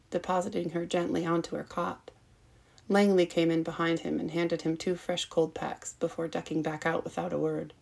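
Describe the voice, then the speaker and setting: A woman reading a fan-written story aloud as its narrator, in a measured, even way. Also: on the low side, creaky. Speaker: story reader. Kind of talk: fanfiction audiobook narration.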